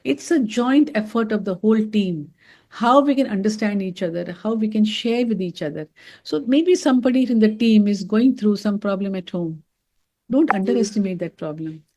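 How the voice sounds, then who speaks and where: A middle-aged woman doctor gives a motivational wellness talk at a moderate pace in a medium-pitched voice. She tells stories in an animated way and calls her listeners friends.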